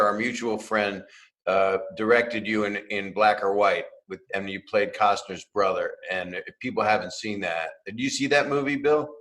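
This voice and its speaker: Low-voiced man chatting as a guest. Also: a bit bright. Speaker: podcast guest. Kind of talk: casual chat.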